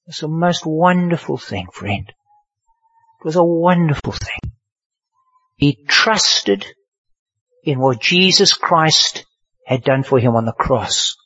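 Animated older preacher. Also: male voice, on the high side, husky. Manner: animated storyteller, swings from hushed to loud. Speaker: pastor. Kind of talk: sermon storytelling. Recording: dull lo-fi sermon recording.

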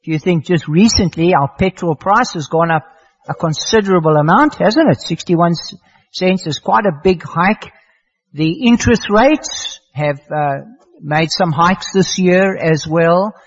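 Older man, husky preacher's voice, earnest sermon storytelling, dull lo-fi recording. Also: high-pitched, unhurried. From South Africa. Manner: earnest, storytelling, with emphatic repeated phrases.

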